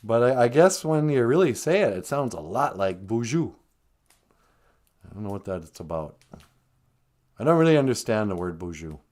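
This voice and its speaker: A man's voice: sing-song, darkish tone. A man doing a sing-song old Minnesotan granny. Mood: chatty. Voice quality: sing-song, swooping pitch, slow drawl. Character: chatty old Ojibwe grandmother, teasing and silly. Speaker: live-stream host. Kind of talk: comedic live-stream character act.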